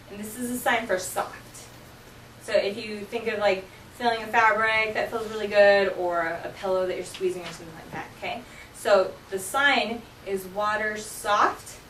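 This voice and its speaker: A woman's voice: mid-range voice, fairly bright tone. A woman teaches a classroom full of students, walking them through vocabulary with patient explanations and frequent "okay?" checks. Her voice is picked up from a distance in a roomy, echoing classroom. A faint hiss of background noise runs underneath. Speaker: sign language teacher.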